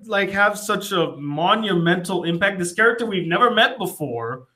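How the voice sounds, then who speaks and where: Speaking at normal speed in a high voice, a young film critic gives a relaxed, scene-by-scene retelling of a movie. He brings it to life by acting out what the characters say.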